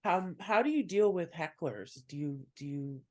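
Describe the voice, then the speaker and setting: A podcast host keeps the talk easy, backing the guest up with frequent affirmations and soft laughter. When sharing their own stories, they speak at a middling pitch, casual and unhurried. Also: animated. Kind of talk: casual interview chat.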